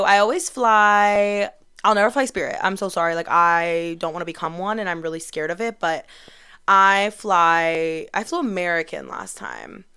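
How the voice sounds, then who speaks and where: A woman's voice: mid-range voice, sharp tone, smooth. A young woman in her twenties hosting a casual solo podcast, chatty and bubbly, storytelling with lots of "like". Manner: chatty, bubbly, heavy use of "like". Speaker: podcast host.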